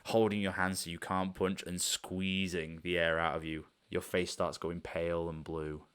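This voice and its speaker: Game master, man, very low voice, loose rambling narration. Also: flat delivery, normal speed, fairly bright tone, clear, resonant tone. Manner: rambling, loose, with many fillers.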